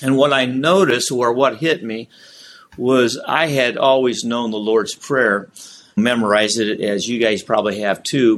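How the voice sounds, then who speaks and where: Middle-aged man, earnest, reflective guest storyteller, halting phrasing, medium pitch. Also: a bit bright. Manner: earnest, halting, recounts prayers aloud. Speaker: guest, ministry founder.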